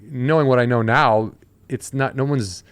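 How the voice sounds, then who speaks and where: A man's voice: mid-range voice, measured pace, clean tone, no echo. Man telling stories, dry close sound. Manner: storytelling, acting out quoted voices. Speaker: podcast host. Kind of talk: casual podcast chat.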